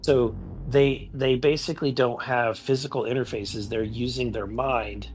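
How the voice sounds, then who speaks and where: A man in a played interview clip, speaking haltingly with many restarts and fillers. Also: medium pitch, fairly even intonation. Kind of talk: casual interview recounting.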